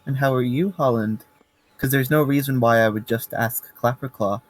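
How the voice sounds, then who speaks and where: A man's voice: medium pitch, normal speed, dry recording, lightly acted, rough recording. A man with a British accent playing an awkward human ranger who rambles and corrects himself.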